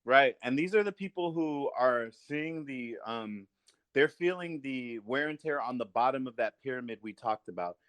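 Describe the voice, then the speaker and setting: A man's voice: medium pitch, animated, normal speed, fairly bright tone, clear, resonant tone, no echo. A man hosting a podcast in casual discussion, earnest and building his points through repetition. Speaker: podcast host.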